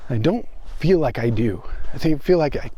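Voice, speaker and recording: A man's voice: medium pitch, lively intonation, normal speed, warm tone, breathy edge. A man vlogging while walking outdoors on a desert wash, talking in a loose, reflective way with lots of fillers. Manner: rambling, reflective, many fillers. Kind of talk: casual walking vlog.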